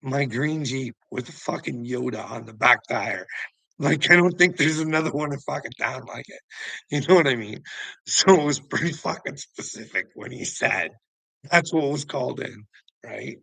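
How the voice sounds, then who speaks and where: A man's voice: medium pitch, moderate pace, vocal fry, pushed and bright, husky, no echo, rough recording. A man angrily telling a story about a run-in with police, swearing heavily and sounding agitated. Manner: profane, agitated, heavy swearing. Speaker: vlogger telling a personal story. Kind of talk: angry storytelling rant.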